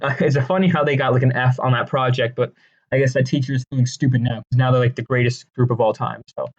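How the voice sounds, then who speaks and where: Rambling deadpan man on a lo-fi mic. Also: medium pitch, fast talker. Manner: rambling, deadpan, crude jokes, many fillers and restarts. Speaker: video creator ranking songs. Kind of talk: casual comedic commentary.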